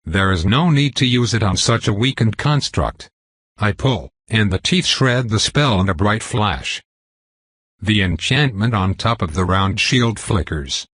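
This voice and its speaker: Male narrator, deep and breathy, dry close read; clipped, intense dramatic delivery. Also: fairly bright tone, no echo. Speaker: audiobook narrator. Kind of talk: first-person fiction narration.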